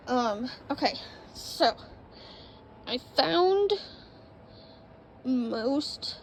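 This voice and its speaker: A woman's voice: high voice, creaky, slight background noise, poor audio. A woman vlogging in casual chat inside an RV, rambling with lots of ums as she moves around. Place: indoors in an RV.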